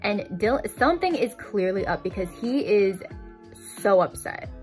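A woman's voice: medium pitch, animated, normal speed, darkish tone, soft background music. A woman giving a casual, chatty storytime recap of a novel, filling her talk with "like". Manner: chatty, fills with "like". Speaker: book vlogger. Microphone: desk microphone.

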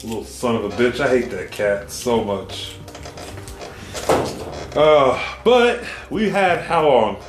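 A man co-hosting a casual podcast, loud and joking, swearing freely as he banters. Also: mid-range voice, animated, slow, pauses often, echoey room, music in the background. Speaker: podcast co-host. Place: home garage.

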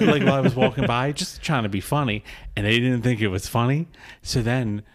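A man's voice: medium pitch, fairly even intonation, a little fast. A man telling a rambling, profane bar story in casual podcast chat, laughing often.

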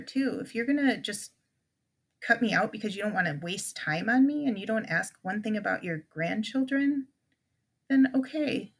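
A woman's voice: on the high side, gravelly. A middle-aged woman, a podcast guest, telling an emotional personal story with many restarts and quoted conversations.

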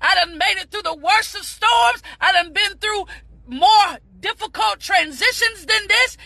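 A woman giving an impassioned motivational talk on a live stream, repeating phrases and breaking into shouts. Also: very high voice, measured pace, vocal fry. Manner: fervent, preachy, repeats phrases, bursts into shouts; addresses viewers as "beautiful people".

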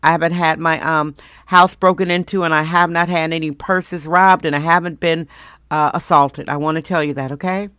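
Blunt, slightly hoarse woman podcast host. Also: sits low, steady tone, a bit bright, dry recording, studio quality. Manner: blunt, emphatic, drawn-out stresses. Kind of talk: opinionated monologue.

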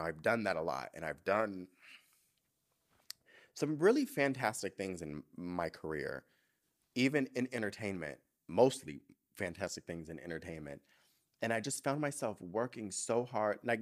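A young man hosting a podcast, talking candidly and emotionally in a casual chat, swearing freely. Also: low voice. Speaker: podcast host.

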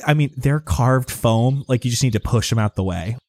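A man's voice: medium pitch, moderate pace, a little mellow, no room sound. Man narrating as game master. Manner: loose, descriptive, filler-heavy.

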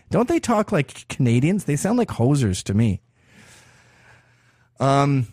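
A man with a slightly high voice rants through a provocative, sarcastic podcast monologue full of swearing. His pitch swings widely as he mocks and jabs. The sound is dry and close, with no room around it. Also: no echo. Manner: profane, provocative, sarcastic ranting. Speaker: podcast host. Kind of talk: opinion monologue.

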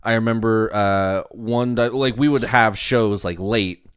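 A man's voice: lowish voice, unhurried, smooth, no room sound, clean studio sound. A man co-hosting a comedy podcast, telling a rambling anecdote in casual chat, full of fillers, laughing at his own story. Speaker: podcast co-host.

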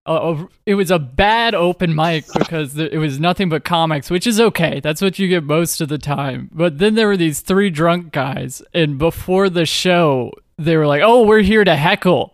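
A man's voice: on the high side, no room sound, studio quality. A male stand-up comedian in casual chat, telling stories unhurriedly and giggling often.

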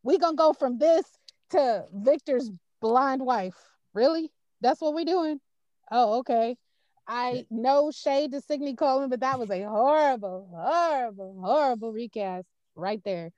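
A woman co-hosting a podcast, chatting casually in a blunt, profane, animated way and acting out her own reactions. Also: high-pitched, unhurried, dry recording, dull audio. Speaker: podcast co-host.

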